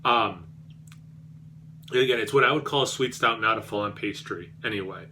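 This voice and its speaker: A man's voice: on the low side, normal speed, sharp tone, a little hiss or hum. A man reviewing beer on his vlog, rambling and self-deprecating, with many fillers and restarts.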